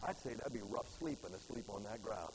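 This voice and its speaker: A man preaching a folksy sermon to his church, swinging from loud to hushed. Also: on the low side, expressive, fairly quick, noisy background. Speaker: pastor.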